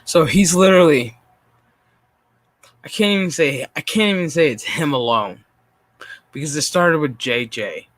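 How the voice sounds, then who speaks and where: A man's voice: a little high, expressive, moderate pace, pauses often, a bit bright, dry recording. A man streaming a profane, exasperated reaction rant with frequent sighs, talking straight into his mic. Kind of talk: ranting reaction commentary.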